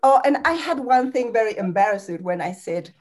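A woman telling a halting, self-mocking anecdote as a student in an improv class. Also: on the high side, expressive, darkish tone. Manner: slow, halting, laughs at herself.

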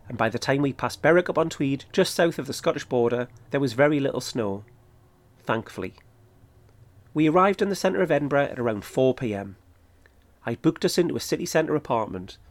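A man, calmly narrating his own trip in a scripted podcast. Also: medium pitch. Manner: steady, matter-of-fact storytelling. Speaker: podcast host. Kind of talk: scripted first-person narration.

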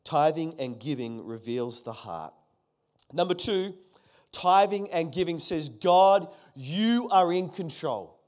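Man in his forties, pastor, high voice, emphatic sermon, repeats key lines, calls to the congregation. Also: animated, slow, darkish tone.

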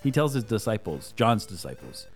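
Man, low voice, casual podcast chat, thoughtful, rambling, faint music underneath. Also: sing-song, moderate pace, creaky, slightly rough. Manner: thoughtful, rambling, with fillers and restarts. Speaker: podcast co-host. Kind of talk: casual chat about the Bible.

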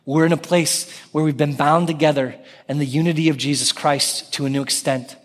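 A man in his thirties preaching a sermon as pastor, animated and calling out scripture with raised voice. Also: on the high side, fairly quick. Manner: animated, calls out scripture loudly. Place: church sanctuary. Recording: long reverb of a church hall.

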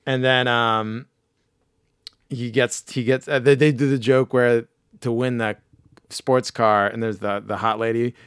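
A man with a hoarse, failing voice, casually recapping a cartoon episode with laughs and restarts. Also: mid-range voice, steady tone, unhurried, dry recording, studio quality. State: hoarse, losing his voice. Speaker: podcast host. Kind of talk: casual chat.

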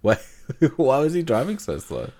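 A man's voice: medium pitch, wildly swooping pitch, measured pace, mellow. A young Australian man bantering on a podcast, blunt and crude, joking and swearing freely. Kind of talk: casual chat.

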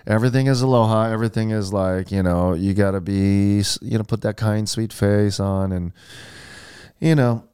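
A man's voice: fairly low pitch, fairly even intonation, normal speed, mellow, clean tone. A man from Hawaii co-hosting a casual podcast, telling stories in a rambling, profane way. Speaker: podcast co-host. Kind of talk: casual chat.

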